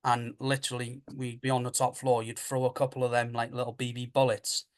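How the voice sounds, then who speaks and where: A man telling ghost stories in a rambling, repetitive way, his voice low-middle and fairly flat. He keeps looping back and retelling what people said, like a guest chatting on a podcast. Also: fairly quick. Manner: rambling, repeats himself, retells dialogue. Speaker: paranormal investigator guest. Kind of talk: casual storytelling.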